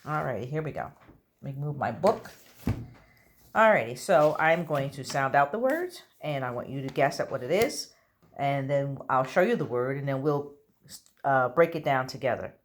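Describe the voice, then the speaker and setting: A woman's voice: very deep voice, animated, normal speed, a little hiss or hum. A woman teaching an online phonics lesson to young children, sounding out letters patiently and praising correct answers. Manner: encouraging, checks in with children.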